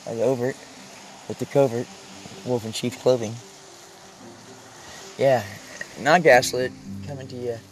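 A man's voice: mid-range voice, rough recording. A man rambling through a casual vlog from inside the vehicle he lives in, raw and heartfelt, often trailing off mid-thought. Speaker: vlogger.

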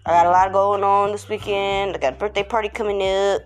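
Woman podcast host, casual slangy chat, bursts into chants, mid-pitched voice. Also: little pitch movement, fairly quick, soft background music. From Texas. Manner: hyped, sing-song chanting, slangy.

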